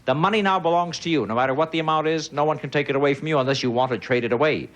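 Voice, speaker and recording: A man hosting a game show with lively, joking banter, teasing the contestants. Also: a little high, rapid-fire, highs cut off. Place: large television studio. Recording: live studio audience and noise behind.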